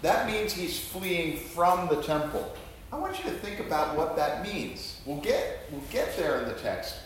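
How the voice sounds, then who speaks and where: In an echoey room, a pastor with a highish, animated voice delivers an earnest, sermon-style Bible teaching, a little slowly. He drives his points home with rhetorical questions, and there's a bit of hiss or hum.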